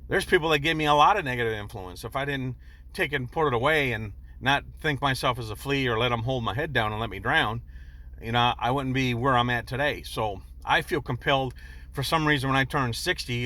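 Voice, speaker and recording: Man, 60s, vlogger, bright voice, rambling and earnest, preachy storytelling. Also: medium pitch. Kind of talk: personal storytelling monologue.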